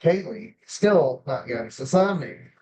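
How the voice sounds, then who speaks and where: A man's voice: medium pitch, animated, a little slow, background noise. A man in a sign language class casually telling a story about a family member, rambling with an easy laugh. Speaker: class student.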